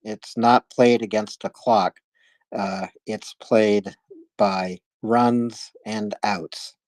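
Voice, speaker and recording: A man in a casual live audio chat, explaining things in a measured, patient way. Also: fairly low pitch, fairly even intonation, darkish tone, no echo.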